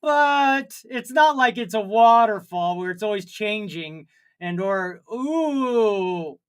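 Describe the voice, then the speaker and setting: A man's voice: high voice, animated, slow, clear, resonant tone. A man co-hosting a comedy livestream, chatting casually and reading viewer comments aloud, rambling and joking at his own expense. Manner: rambling, jokey and self-mocking.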